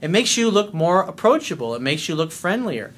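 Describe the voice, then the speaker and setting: A man talking as a life coach in a casual monologue, loud, blunt and full of swearing, smiling as he speaks. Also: high voice, very animated, brisk. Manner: blunt and profane.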